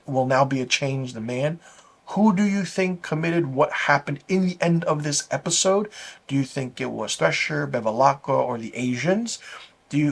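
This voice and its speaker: A man hosting a casual video review, talking through an episode in a loose, rambling way. His speaking pitch sits in a middle range for a man. He sounds enthusiastic and keeps stringing thoughts together with fillers. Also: slightly rough. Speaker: TV episode reviewer, channel host.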